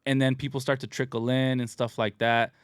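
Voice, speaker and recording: A man hosting a podcast, telling a story in a casual, animated way and laughing as he goes. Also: mid-range voice, brisk, clean tone, no room sound, clean studio sound. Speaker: podcast host.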